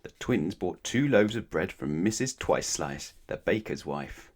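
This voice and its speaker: A man reading a children's bedtime story aloud in a gentle, expressive storytelling manner. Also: deep voice, a little slow. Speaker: storybook reader.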